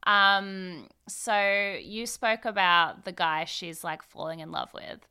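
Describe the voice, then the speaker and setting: A woman's voice: mid-range voice, steady tone, slow pace, sharp tone, clean tone. A woman co-hosting a casual film review chat, laying out her opinions in a thoughtful, laid-back way.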